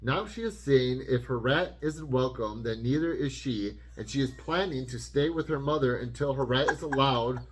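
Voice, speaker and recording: A man co-hosting a podcast, reading a post aloud in a deadpan way during casual chat. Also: mid-range voice, normal speed, few pauses, slight background noise. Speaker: podcast co-host.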